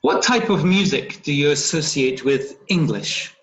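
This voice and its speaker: A patient English teacher covers phonetics online, regularly checking understanding with a questioning "yeah?". His voice is on the high side, expressive and a bit bright, at a measured pace, over dull lo-fi video call audio.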